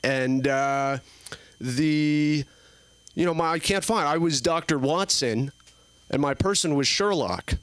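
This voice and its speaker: A young man in his early twenties works through a stand-up set, wandering through his stories with plenty of fillers. His voice sits slightly high and sounds smooth and clear, and the sound is dry with little room reflection. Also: slow pace, a bit bright, no room sound. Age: early 20s. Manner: rambling, filler-heavy storytelling. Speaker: stand-up comedian. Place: comedy club stage.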